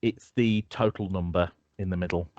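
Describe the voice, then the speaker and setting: A man's voice: low-pitched, fairly even intonation, moderate pace, highs cut off, noisy background. A man narrating as game master, often stumbling and restarting as he describes scenes.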